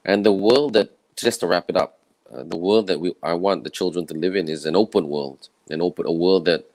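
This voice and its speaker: A man from Malaysia, speaking in a croaky, tired voice in an earnest, conversational personal talk to camera. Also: sits low, fairly quick, a little mellow, no room sound. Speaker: summit speaker. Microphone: own camera setup with a clip mic.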